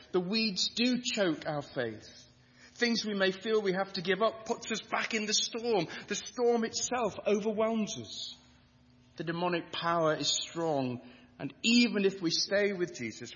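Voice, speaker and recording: A man's voice: on the high side, pushed and bright. A man preaching a sermon with an emphatic, rhythmic delivery that builds on repetition. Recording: dull lo-fi sound with long hall reverb.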